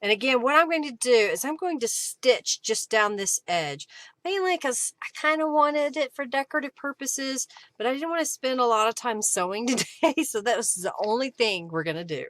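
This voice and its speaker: A woman's voice: a little high, lively intonation, normal speed, a bit bright, no room sound. A woman hosting a live crafting stream, chatting to viewers by name while narrating each step. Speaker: craft livestream host. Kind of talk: live crafting demo and chat.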